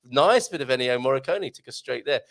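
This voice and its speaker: A man's voice: medium pitch, lively intonation, brisk, vocal fry, a bit bright. A man hosting a live morning show, chatting in a jokey way and laughing often. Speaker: host. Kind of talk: casual live show chat.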